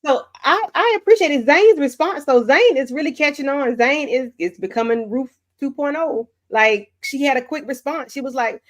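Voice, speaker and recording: A woman's voice: high-pitched, animated, moderate pace, few pauses. Emphatic, chatty woman panelist. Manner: emphatic, chatty, reacts with mm-hmms. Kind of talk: casual chat about a TV show.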